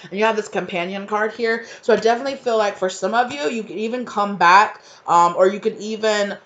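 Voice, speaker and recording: An effusive woman gives a collective tarot reading. She talks in a middle pitch with a close mic. She rambles and restarts, stacks up fillers, and turns emotional when she talks about spirit. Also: a little fast, fairly bright tone, muffled recording. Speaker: tarot reader.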